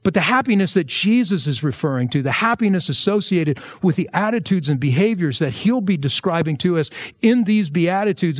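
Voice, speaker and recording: Male pastor, higher-pitched, dry close sound, relaxed preaching with humorous asides. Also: no echo. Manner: conversational, jokey asides, lively emphasis. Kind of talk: verse-by-verse sermon.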